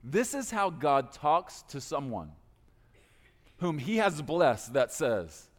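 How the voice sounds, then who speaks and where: A man, a pastor, preaching a sermon in a church, with lively, playful storytelling and casual asides. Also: on the high side, slow pace. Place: church sanctuary. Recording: echoey hall reverb.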